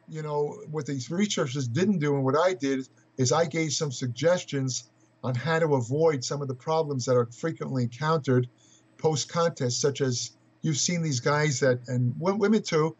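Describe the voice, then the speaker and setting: Husky older man telling anecdotes. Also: on the high side. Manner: rambling, hesitant restarts, chuckling anecdotes. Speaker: guest, fitness writer. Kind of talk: casual interview storytelling. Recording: muffled lo-fi audio.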